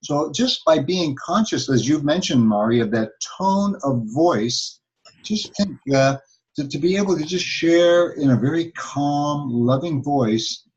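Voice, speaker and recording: A man's voice: fairly high pitch, animated, unhurried. Man counselor in a dull lo-fi recording. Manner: thoughtful, with many fillers. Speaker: couples counselor, co-host. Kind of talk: advice talk.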